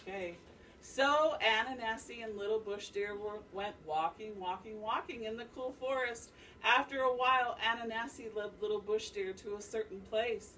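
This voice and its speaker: A woman teacher reading a picture book aloud to her class with expressive storytelling and calling on children by name to answer questions, recorded by a distant camera in a classroom. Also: a little high, moderate pace, slight background noise. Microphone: distant camera mic. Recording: distant mic, faint classroom ambience.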